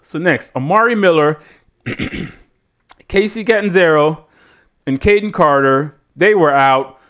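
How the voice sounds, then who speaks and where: A man's voice: high-pitched, lively intonation, measured pace, fairly bright tone. A man hosting a casual review show who rambles sardonically and swears freely. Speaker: show host reviewing wrestling. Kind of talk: casual profane rant.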